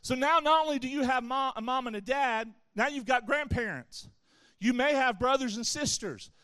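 A man's voice: very high voice, moderate pace, bright, forceful tone, no echo. A man giving a sermon to young people, speaking conversationally and with playful asides to the crowd. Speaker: youth pastor.

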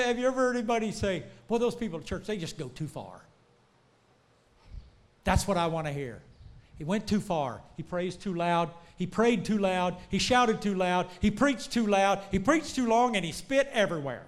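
A man preaching a sermon, telling folksy stories and building to shouts. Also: sits high, a little fast. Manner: animated, rising to shouts, folksy storytelling.

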